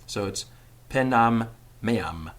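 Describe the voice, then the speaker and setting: A man teaching a language lesson, patiently repeating example phrases and explaining grammar step by step. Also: takes it slowly. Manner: lively rising and falling pitch. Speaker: Latin teacher.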